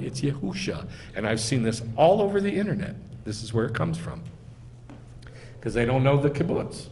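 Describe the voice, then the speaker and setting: Recorded in an echoey hall with a trace of noise, a rabbi with a mid-range, somewhat mellow voice delivers a teaching sermon. He takes listeners through it step by step and asks them questions as he goes.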